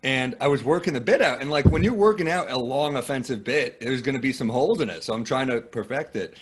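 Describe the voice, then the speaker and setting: A man's voice: medium pitch, quick pace, slightly rough. A man from the United States, a guest comedian, telling self-deprecating stories in casual conversation. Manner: self-deprecating, lively storytelling.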